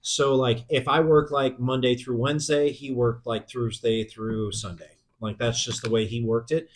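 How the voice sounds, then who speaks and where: A man's voice: medium pitch, normal speed. Young man telling a scary story. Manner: swears a lot, animated when retelling fright. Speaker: podcast co-host. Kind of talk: casual storytelling.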